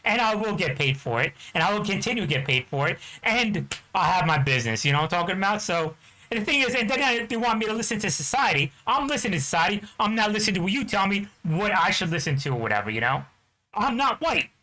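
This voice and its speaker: A high-pitched man from New Jersey tears through an angry, profane rant at a rapid clip. His bright, sharp voice presses hard, looping back to the same fillers again and again. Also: very animated, a little hiss or hum, low-quality recording. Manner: profane, heated, repeats "you know what I'm talking about". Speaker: game streamer. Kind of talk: angry ranting chat.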